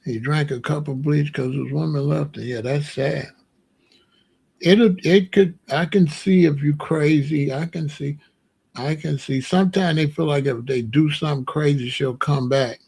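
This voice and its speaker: A man's voice: on the high side, a little slow, gravelly, darkish tone, husky. A man hosting a casual commentary show, talking bluntly and joking, often laughing at his own points. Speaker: show host.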